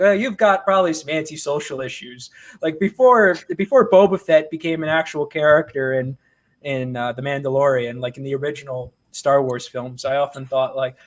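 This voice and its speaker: A man, a comic book writer being interviewed, chatting casually and telling animated, self-mocking stories. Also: a little high.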